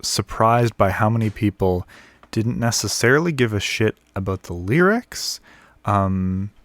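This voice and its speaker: A man's voice: on the low side, animated, unhurried, no echo. A man who is a vocalist, talking casually and bluntly to camera, swearing freely and counting out rhythms as he explains. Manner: candid and blunt, frequent swearing and fillers; taps out rhythms while explaining.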